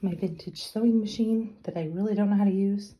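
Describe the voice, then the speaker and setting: A woman's voice: mid-range voice, fairly even intonation, fairly quick, mellow, muffled recording. A middle-aged woman giving a casual, self-deprecating tour of her home office, slightly out of breath, filmed on a handheld camera. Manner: chatty, self-deprecating asides. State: a little out of breath. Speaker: craft and journaling vlogger.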